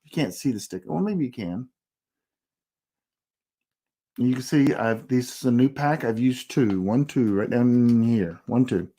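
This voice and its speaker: A man giving a casual instructional talk on online privacy, emphatic and rambling, often repeating his warnings. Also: mid-range voice. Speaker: presenter giving a privacy tutorial.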